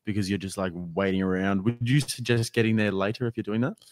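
A man's voice: fairly low pitch, flat delivery, quick pace, a little hiss or hum. A man co-hosting a casual podcast, easygoing and curious, laughing often as he asks questions. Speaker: podcast co-host.

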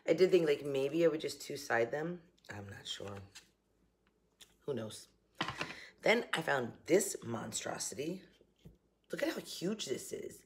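Woman, Southern accent, middle-aged, gravelly, upbeat casual chat, slight cough. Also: sits low, very animated, a little slow, long pauses. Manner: chatty, laughing, upbeat. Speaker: vlogger. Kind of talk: casual morning chat to camera. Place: home kitchen.

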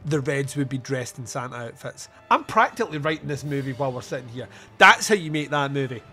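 A man hosting a podcast, retelling a film scene by scene in a casual, animated way with quick put-on voices and frequent laughter. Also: mid-range voice, faint music behind. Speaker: podcast host. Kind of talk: casual film review chat.

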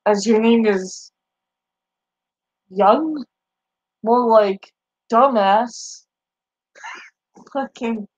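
A woman's voice: a little high, darkish tone, muffled recording. A woman streamer in casual live-stream chat, profane and teasing, laughing often as she talks back to viewers.

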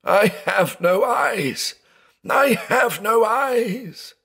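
A man's voice: low-pitched, animated, a little slow. A man voicing a terrified old blind man who pleads and shrieks in panic. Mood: frantic shrieking.

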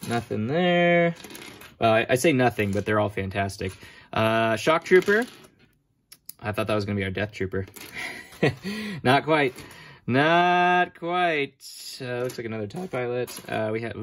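A toy collector vlogger narrates a toy haul in a mid-range voice, chatty and poking fun at himself as he sorts items. It's casual unboxing commentary, and his back is sore from standing a long time.

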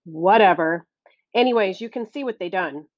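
A woman doing a grumbling gruff foreman. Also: mid-range voice, lively intonation, normal speed, no echo, highs cut off, natural voice. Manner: grumbling, indignant, rough grammar. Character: gruff bald male construction foreman, irritable. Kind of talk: audiobook character voice.

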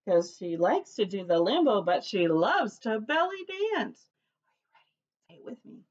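A woman's voice: mid-range voice, big pitch swings, moderate pace, lo-fi sound. A woman preschool teacher reading a picture book aloud to young children, with a cheerful sing-song voice that leads call-and-response chants.

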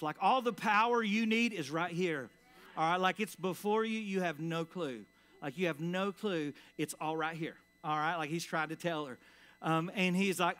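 A man preaching a sermon in church in a casual, conversational way, full of fillers, sometimes dropping to a quiet, low voice for emphasis. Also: moderate pace. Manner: conversational preaching with many "like" and "all right" fillers. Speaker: pastor. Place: church sanctuary.

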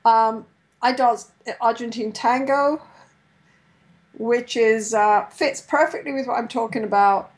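Woman therapist teaching a lecture, a bit high pitched, acts out gentle therapy talk now and then. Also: measured pace, poor audio. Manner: acts out therapist and client lines in a gentle, higher voice. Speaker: couple therapist giving a lecture. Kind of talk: lecture with role-played therapy dialogue.

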